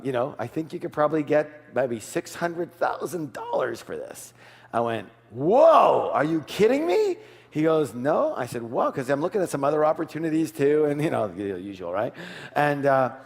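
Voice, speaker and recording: Middle-aged male seminar speaker, animated storyteller, mid pitch, long hall reverb. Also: fairly quick. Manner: animated storytelling, acts out dialogue, asks the audience. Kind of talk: live motivational seminar talk.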